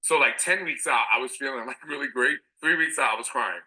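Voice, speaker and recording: A man who is a fitness trainer and host, talking in a candid, animated and sometimes emotional way. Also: medium pitch, a little fast, poor audio. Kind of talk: casual podcast chat.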